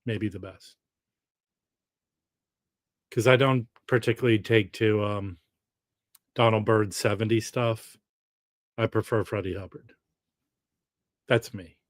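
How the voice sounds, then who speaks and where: A man's voice: fairly low pitch, steady tone, slow, pauses often, no echo. A man hosting a casual live stream alone, rambling and chatty as he reads out viewer comments.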